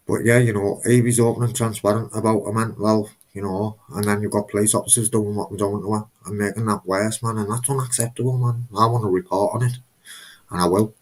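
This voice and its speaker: A man's voice: on the low side, flat delivery, brisk. A man hosting a live stream, talking casually in a rambling, emphatic way and often repeating himself.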